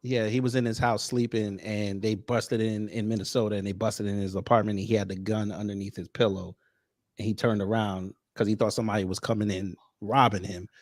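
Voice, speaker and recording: A man's voice: on the low side, level tone. A man hosting casual podcast chat, mostly chiming in with short agreements. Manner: quick interjections and short agreements.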